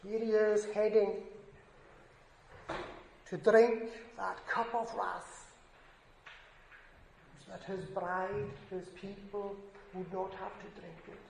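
A man's voice: high-pitched, flat delivery, slow, vocal fry, pauses often, a little mellow, slight background noise. A man preaching a sermon in an earnest, emphatic way, lifting his voice on scripture quotes. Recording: echoey room.

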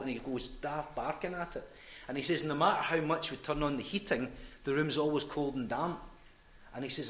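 A Scottish man, a football club chaplain, telling lively anecdotes in a storytelling sermon and acting out the dialogue. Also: mid-range voice, echoey room. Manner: animated anecdotes, quoting dialogue.

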